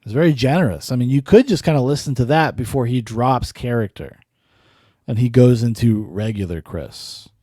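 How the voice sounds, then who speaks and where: A man's voice: medium pitch, lively intonation, normal speed, dark tone, no room sound, clean studio sound. A man hosting a podcast, giving casual, sardonic reaction commentary with cursing and laughing asides. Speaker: podcast host.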